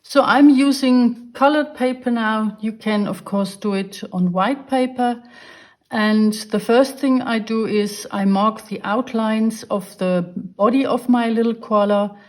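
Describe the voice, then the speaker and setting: A woman's voice: fairly high pitch, measured pace, a little mellow. A woman giving a drawing lesson, patiently explaining each step while she draws. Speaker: art teacher.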